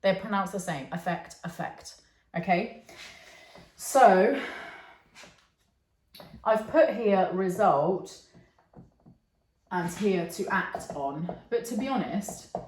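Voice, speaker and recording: This English teacher's mid-range, darkish voice moves slowly, with long pauses, as she gives an online lesson. She is patient, checking in with learners through "okay" and "yeah," and the room she records in is echoey.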